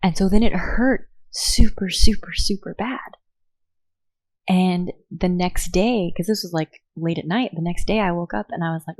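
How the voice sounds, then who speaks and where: A woman's voice: on the low side, moderate pace, darkish tone, dry recording. A young woman, telling a personal story in casual podcast chat with many fillers. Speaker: podcast co-host.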